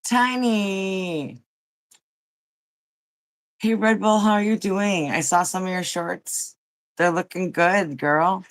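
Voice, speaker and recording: A woman's voice: mid-range voice, steady tone, slow, long pauses. A woman hosting a casual livestream who has just woken up, chatting and rambling, greeting viewers by name. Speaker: livestream host.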